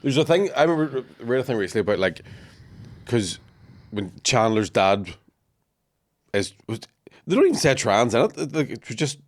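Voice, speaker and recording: A man, a comedian guest, telling sweary, animated stories in casual chat. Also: mid-range voice, normal speed, long pauses.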